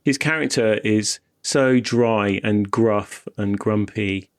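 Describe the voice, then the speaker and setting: A man's voice: fairly low pitch, slow pace. A young man with a mild Wiltshire accent, co-hosting a podcast and chatting about films, rambling and self-interrupting and laughing often. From Wiltshire, England. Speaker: podcast co-host. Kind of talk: casual film chat.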